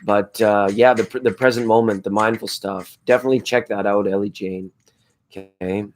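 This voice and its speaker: A man with a hoarse voice hosting a laid-back late-night tarot livestream, chatting with viewers in a rambling, spiritual way. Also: on the low side, steady tone, normal speed. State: hoarse from screaming at a football game. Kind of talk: casual late-night chat reading viewer comments.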